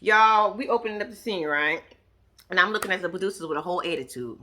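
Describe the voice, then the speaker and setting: Woman vlogger, slightly high and bright, blunt and profane reality-TV recap. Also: fast. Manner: blunt, profane, animated storytelling. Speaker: YouTube reaction vlogger.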